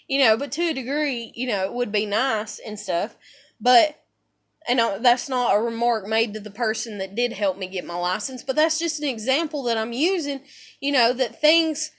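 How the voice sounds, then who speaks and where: A woman's voice: a little high, moderate pace, fairly bright tone. A young woman from the United States ranting to camera in a profane, exasperated, emphatic way. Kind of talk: angry personal rant to camera.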